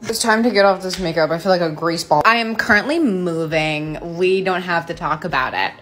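A woman's voice: fairly low pitch, a little fast, fairly bright tone. A young woman influencer casually narrating a vlog in a chatty, self-mocking way.

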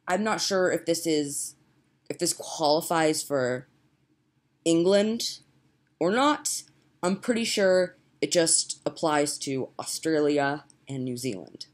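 A young woman talks to her camera at home in a loose, rambling vlog. Her voice sits a touch lower than most women's, and she is chatty and giggly, often poking fun at herself. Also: lively intonation, takes it slowly. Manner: chatty, giggly, self-mocking. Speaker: vlogger. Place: home, indoors.

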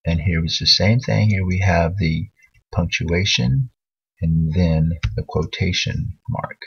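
Deep husky man teaching writing. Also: takes it slowly, lo-fi sound. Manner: patient, thinking aloud while editing. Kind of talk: screen-recorded writing lesson.

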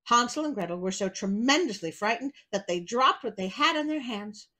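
A woman's voice: on the high side, lively intonation, moderate pace, sharp tone, rough recording. A woman hosting a storybook reading, breaking off for wry, chatty asides. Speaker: storyteller host.

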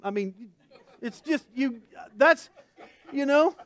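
A male pastor giving a conversational sermon, animated and full of asides and jokes. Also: very high-pitched, slow. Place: church.

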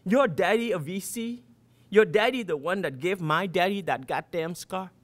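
A man's voice: high-pitched, expressive, normal speed. A man reading aloud and voicing a crude, swaggering schoolboy bully who taunts in a mocking sing-song. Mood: sneering.

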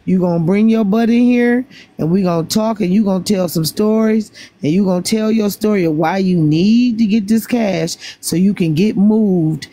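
A woman's voice: mid-range voice, normal speed, mellow. A woman hosting a livestream, reassuring and encouraging her guest in casual chat. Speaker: livestream host.

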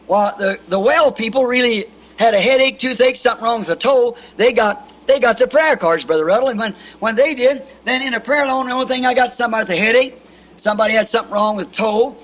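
A preacher with a Southern American accent spins a folksy sermon story, his voice pitched high and ringing bright. He leans on homespun phrases and keeps asking "See?" to his listeners. The sound is an old tape recording from the 1960s. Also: fast talker, lo-fi sound. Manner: folksy anecdotes with repeated "See?". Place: church meeting with congregation.

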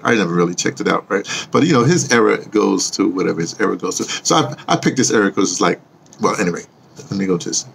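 A man's voice: on the low side, gravelly, a little hiss or hum. A man talking casually to viewers in a rambling monologue, restarting sentences often and teasing them with questions. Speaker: vlogger and audio drama producer.

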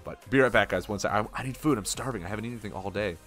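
A man's voice: lowish voice, racing, fairly bright tone, soft background music. A young man chatting casually on a live stream as he opens card packs and reads the card names aloud.

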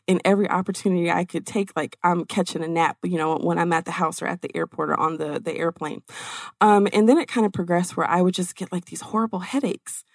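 A woman's voice: lowish voice, quick pace, creaky, no echo. Chatty woman coach, dry sound. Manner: animated, chatty storyteller with many fillers. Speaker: business coach. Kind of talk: interview storytelling.

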